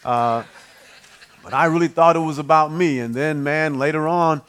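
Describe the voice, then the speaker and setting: A man's voice: on the high side, moderate pace, a bit bright, smooth. A middle-aged man preaching a folksy sermon, calling out to the congregation and acting out the voices he quotes. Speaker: pastor.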